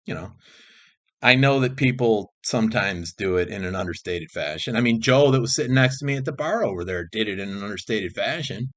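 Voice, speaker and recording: Here a man vlogs in a fairly quick, fairly low voice with lively intonation. His monologue is casual and rambling, packed with cursing, topic jumps, restarted sentences, and repeated phrases.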